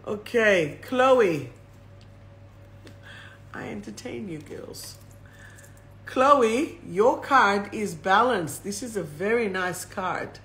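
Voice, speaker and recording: A woman hosts a live oracle card reading on a phone or webcam stream. She talks at an unhurried pace in a bright, clear voice. She reads each affirmation slowly and then says it again. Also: mid-range voice, animated. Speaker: host and card reader.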